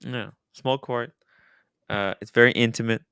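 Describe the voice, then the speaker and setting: Playful guy hosting a chat, jumpy lively voice, super dry close mic. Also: medium pitch, slow pace, clean tone, no echo. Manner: playful, exclaiming, laughing often. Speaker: show host. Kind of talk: casual livestream chat.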